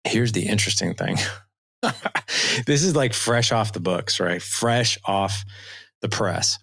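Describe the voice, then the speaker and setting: A man in his forties with a very low voice and a gravelly texture. He tells family stories in a lively way, acting out the lines of each person. The sound is dry and close to the mic. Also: takes it slowly, no echo. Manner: animated storytelling, acts out dialogue. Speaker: podcast guest, dad coach. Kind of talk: casual interview talk.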